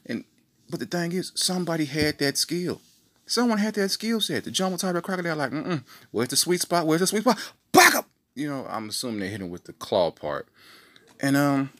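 A man hosting a podcast, telling funny stories casually and acting out the people in them. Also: deep voice. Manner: animated, acts out characters in his stories. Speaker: podcast host. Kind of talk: casual comic storytelling.

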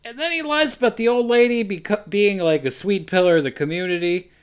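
A man co-hosting a casual comedy podcast, recapping a film plot with sarcastic asides and quick jokey quotes. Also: sits high, clear, resonant tone. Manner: sarcastic, quick asides, acts out lines in silly voices.

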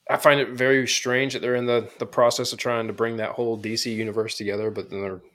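A man with an ordinary mid-range voice co-hosts a casual podcast. He talks loosely and easily, often pausing on "um" and "uh" as he rambles through his thoughts. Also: mid-range voice. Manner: relaxed, rambling, with fillers. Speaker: podcast co-host.

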